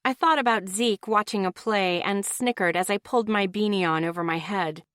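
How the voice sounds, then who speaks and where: A woman's voice: mid-range voice, normal speed, a bit bright, no room sound, studio quality. A woman reading a first-person audiobook in a casual, lightly wry tone. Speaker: audiobook narrator.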